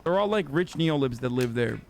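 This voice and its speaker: A man's voice: mid-range voice, expressive, brisk, vocal fry. A man hosting a livestream, ranting in heated, profane, sarcastic reaction commentary. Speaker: livestream host.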